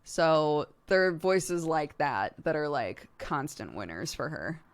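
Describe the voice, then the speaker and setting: A woman's voice: sits low, animated, slow pace. A woman streamer chatting casually with viewers, laughing easily and swearing now and then. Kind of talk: casual chat answering viewer questions.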